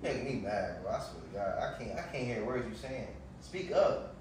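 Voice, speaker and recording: A man's voice: lowish voice, brisk. Baffled young man straining to hear, in a roomy room. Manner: loud, baffled and irritated, demanding to be heard. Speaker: prank video co-host. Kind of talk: casual chat. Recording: roomy distant phone recording with background noise.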